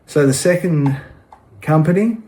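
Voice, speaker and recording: A man talking frankly and casually, pausing often with ums as he explains a personal matter. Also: a little high, warm tone. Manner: frank, plain-spoken, frequent ums. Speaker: vlogger. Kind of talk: casual talk to camera.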